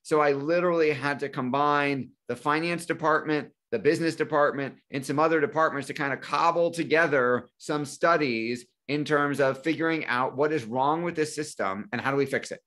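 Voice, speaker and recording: A man's voice: a little high, normal speed, few pauses, fairly bright tone. A man in his forties hosting a live financial webinar, telling a personal story and acting out phone calls with family.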